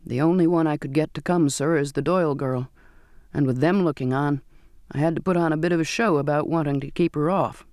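A man's voice: on the high side, fairly even intonation, fairly quick, darkish tone, no room sound, studio quality, natural voice. A man voicing a deferential ship's mate. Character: male ship's mate, talking to his captain.

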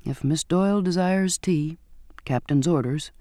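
A narrator putting on a soft-spoken old ship's cook. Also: male voice, a little high, unhurried, no echo, studio quality, lightly acted. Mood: polite, gentle. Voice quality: soft, sweet voice.

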